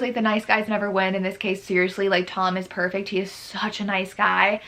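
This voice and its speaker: Young woman vlogger with a bright, forward voice, casual and animated, swinging between gushing and exasperation. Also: mid-range voice, vocal fry. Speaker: book vlogger. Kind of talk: casual book review vlog.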